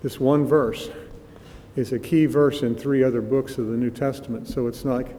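A man's voice: mid-range voice, steady tone, warm tone, a little hiss or hum. Man preaching in a reverberant hall. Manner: reads scripture aloud with rising emphasis, slows on key phrases. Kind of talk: expository Bible teaching.

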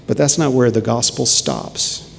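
A man's voice: mid-range voice, animated, measured pace, creaky. A male pastor preaching a sermon, earnest and emphatic, repeating key phrases for weight. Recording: long reverb with faint ambient noise.

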